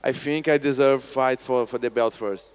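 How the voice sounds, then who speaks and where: A man speaking halting, non-native English as a fighter at a press event, blunt and plainspoken. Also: mid-range voice, steady tone, clear, resonant tone. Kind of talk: casual press conference answers.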